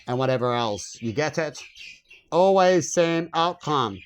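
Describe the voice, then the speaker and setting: A man's voice: on the high side, lively intonation, slow, pauses often, smooth. A man filming a rambling vlog on his phone, swearing, chuckling and asking viewers rhetorical questions. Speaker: vlogger. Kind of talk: rambling casual monologue to camera.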